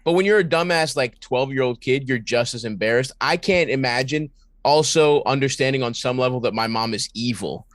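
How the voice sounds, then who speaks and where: A man's voice: mid-range voice, no room sound, clean studio sound. A man co-hosting a podcast in casual chat, cracking crude jokes and swearing freely. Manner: profane, quick banter and crude jokes. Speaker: podcast co-host.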